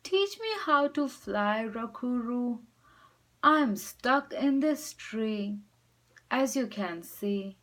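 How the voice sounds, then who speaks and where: Lady doing a tiny bluebird in a storybook, high and begging, drawn out slow. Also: lively intonation, a bit bright, exaggerated voice. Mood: pleading. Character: small pleading bluebird stuck in a tree.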